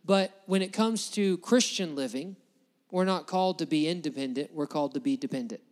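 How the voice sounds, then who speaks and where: A man's voice: a little high, fairly quick, in a large hall. A man preaching a sermon as pastor, emphatic and building his points through repetition. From United States.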